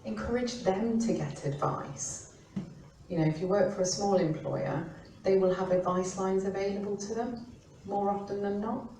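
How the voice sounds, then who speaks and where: A middle-aged woman from the UK, an employment law expert talking informally and acting out quoted remarks in lively voices. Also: mid-range voice, moderate pace, slight background noise. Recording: roomy, distant mic with faint ambience.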